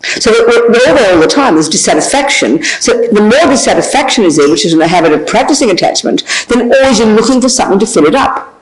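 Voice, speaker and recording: An older woman, a Buddhist nun, giving an informal teaching with frank, animated, self-mocking talk and frequent laughter. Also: mid-range voice, fast, a crowd in the background, low-quality recording. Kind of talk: informal dharma talk with questions. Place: teaching hall of a meditation centre.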